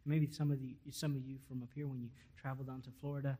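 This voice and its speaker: A male pastor preaching a sermon, stressing key words loudly and then dropping almost to a whisper. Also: medium pitch, flat delivery, fast talker. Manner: emphatic, swelling to loud stresses then dropping to near-whispers.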